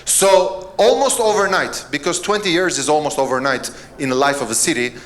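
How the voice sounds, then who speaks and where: A middle-aged man from Albania, a mayor giving a conference keynote, telling jokes and stories in a relaxed, self-deprecating way. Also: a little high, moderate pace. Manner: joking, storytelling, self-deprecating.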